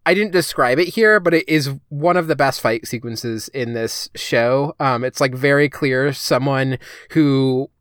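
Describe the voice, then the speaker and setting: Brief: male podcast co-host, smooth resonant voice, dry close sound, rambling casual chat. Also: mid-range voice, measured pace, fairly bright tone, dry recording. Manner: chatty, heavy use of "like" and "um". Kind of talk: casual discussion.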